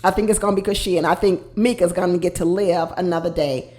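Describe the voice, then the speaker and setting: A woman giving casual, animated commentary on a reality show, speaking straight to her viewers and laughing often. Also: fairly low pitch, fast talker. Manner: talks directly to viewers.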